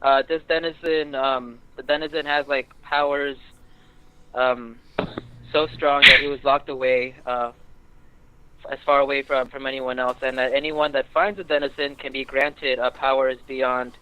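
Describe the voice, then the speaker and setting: A man's voice: medium pitch, flat delivery, normal speed, noisy background. Hesitant young male game master. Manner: hesitant, many fillers. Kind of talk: narrating a tabletop game. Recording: tinny phone-like line.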